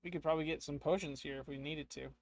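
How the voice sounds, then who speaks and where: A man's voice: fairly high pitch, fairly even intonation, fast, gravelly. A man voicing an elf companion in a solo tabletop game, speaking in a plain matter-of-fact way. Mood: helpful. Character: elf companion, helpful adventurer.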